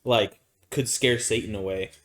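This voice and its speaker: A man's voice: fairly low pitch, steady tone, measured pace, fairly bright tone. A man co-hosting a podcast, from Arizona, telling a long story in a casual, rambling way with many restarts and fillers. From Arizona, United States. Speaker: podcast co-host.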